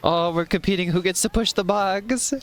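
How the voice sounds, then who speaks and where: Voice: mid-range voice, steady tone, moderate pace. A streamer chatting casually while playing a video game, rambling with lots of filler words and giggling often.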